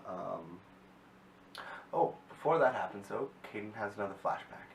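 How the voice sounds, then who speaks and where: A man's voice: fairly low pitch, lively intonation, moderate pace, vocal fry, distant mic. A man casually recapping a TV episode, rambling and often correcting himself. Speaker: TV episode reviewer. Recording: echoey room, mic set back, faint hiss.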